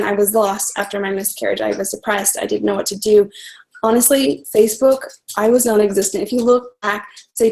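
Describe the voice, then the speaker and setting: Earnest young woman, slightly high voice. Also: a little mellow, low-quality recording. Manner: earnest, heartfelt, talks fast with restarts. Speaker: coach sharing her story. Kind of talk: casual testimonial on a live group call.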